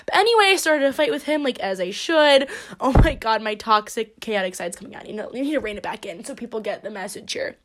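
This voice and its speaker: Young female podcast host, high voice, brash and profane, playful solo chat. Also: lively intonation, brisk, fairly bright tone. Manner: brash, profane, joking storyteller.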